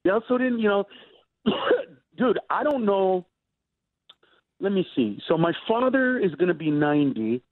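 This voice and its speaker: A high-pitched man spins family stories in loose, animated chat, breaking into laughter as he acts them out. The sound is dry and narrow, almost like a phone line. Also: a little slow, long pauses, no room sound. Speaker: stand-up comedian guest. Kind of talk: casual storytelling chat.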